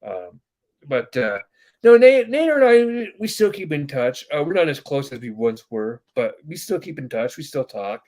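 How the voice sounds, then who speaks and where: A man's voice: fairly high pitch, sing-song, normal speed, a little mellow. A man hosting a podcast, telling a long family story in casual chat, rambling with many fillers and acting out quoted voices. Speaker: podcast host.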